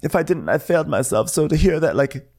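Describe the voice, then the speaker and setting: A man doing a high impression of a tearful, insecure middle-aged reality TV woman who talks haltingly and pities herself. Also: very animated, darkish tone. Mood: tearful self-pitying. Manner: halting, self-pitying.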